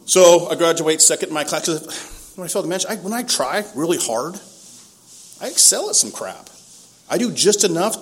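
A man from San Diego's East County, in his fifties, tells a story about himself in a casual, self-deprecating way with frequent laughter. His voice is a little high and a bit bright.

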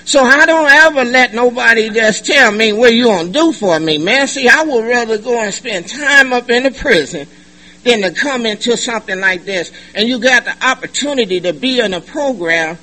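A middle-aged man giving a personal testimony at a recovery meeting, animated and joking, in loose slangy talk. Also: very high voice, moderate pace, low-quality recording. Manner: animated, joking, colloquial, laughs often. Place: meeting room.

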